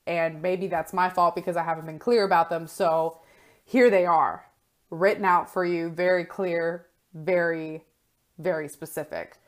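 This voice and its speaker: A woman's voice: on the low side, fairly even intonation, unhurried. Blunt, frank woman coach talking. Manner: blunt, frank, swears freely. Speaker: life coach. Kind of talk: casual solo talk.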